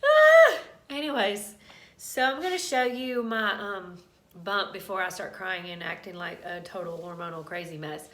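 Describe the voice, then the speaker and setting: A woman vlogger speaks to camera with a fairly low, bright, forceful voice at a moderate pace, casually sharing a candid, emotional pregnancy update. The recording has a roomy echo.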